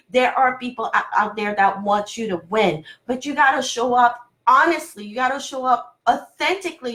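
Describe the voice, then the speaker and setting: A woman business coach giving an earnest, excited motivational talk to camera, her voice cracking with nervous excitement. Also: a little high.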